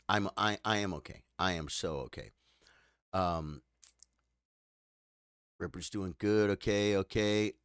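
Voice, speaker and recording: A man chatting live with his viewers, tired and choked up, halting and repeating words as he talks. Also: deep voice, fairly bright tone, clean tone, dry recording, studio quality. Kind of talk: casual live-stream chat.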